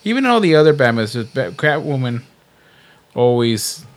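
A man's voice: mid-range voice, big pitch swings, normal speed. A man co-hosting a casual comic book podcast, chiming in with short remarks. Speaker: podcast co-host. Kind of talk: casual chat.

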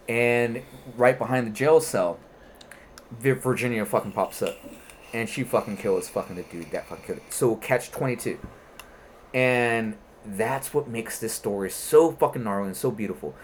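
A lower-voiced man talks through a comic's plot in loose, animated chat, swearing freely. A faint hum of room noise sits behind him. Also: moderate pace. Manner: animated, profane storytelling. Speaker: comic book reviewer. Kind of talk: casual chat.

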